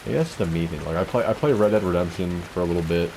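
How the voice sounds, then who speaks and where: A man's voice: low voice, fast talker, background noise. A man giving casual, rambling commentary over a video game, drifting off topic and swearing now and then. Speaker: let's play commentator.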